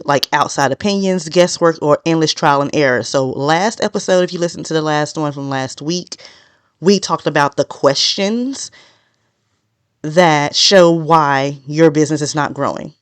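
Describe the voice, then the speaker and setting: A woman delivers a solo podcast monologue in a smooth, clear voice, recorded close and dry. She talks straight to her audience without sugarcoating. She deliberately keeps her pace measured even though she naturally tends to speak fast. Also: low-pitched, no room sound. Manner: direct and no-nonsense, consciously slowing a naturally fast delivery. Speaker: podcast host.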